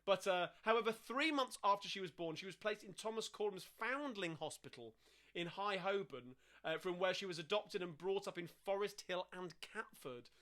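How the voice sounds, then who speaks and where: A man's voice: high voice, lively intonation, moderate pace, fairly bright tone. A man hosting a live-streamed sing-along from home, chatting between songs and reading out viewer messages, with lots of fillers and restarts. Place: at home during lockdown.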